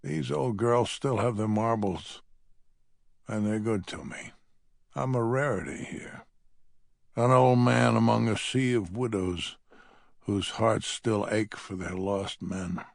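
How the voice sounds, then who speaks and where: A man's voice: fairly low pitch, slow, creaky, no room sound, studio quality. A man narrating an audiobook in the first person, with a wry, grumbling manner.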